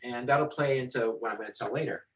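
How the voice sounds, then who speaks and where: A man teaching storytelling to visual artists, animated and rambling with many fillers and restarts, talking into a computer on a video call. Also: medium pitch, fast talker, a little hiss or hum, poor audio. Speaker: storytelling instructor. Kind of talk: lecture with acted-out anecdote.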